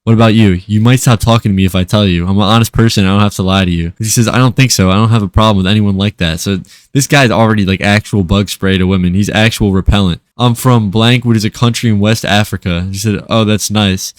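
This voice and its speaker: A man's voice: on the low side, fairly even intonation, dry recording, clean studio sound. A man doing casual, sarcastic commentary as he reads out and mocks text message screenshots. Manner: sarcastic, mocking, quick-talking. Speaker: reaction video creator. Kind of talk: casual commentary reading texts aloud.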